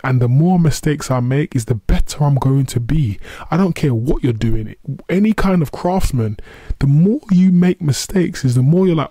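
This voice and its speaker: A man with a warm, mellow voice hosts a solo motivational podcast. He speaks earnestly and conversationally, with self-deprecating asides, and his voice sounds dry and close with no room echo. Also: medium pitch, lively intonation, moderate pace, breathy edge. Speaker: podcast host.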